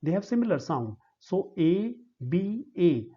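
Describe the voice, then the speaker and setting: A man with an Indian English accent giving a slow, deliberate lecture, spelling out syllables one by one. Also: high-pitched, sing-song, warm tone, husky. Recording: dull lo-fi recording.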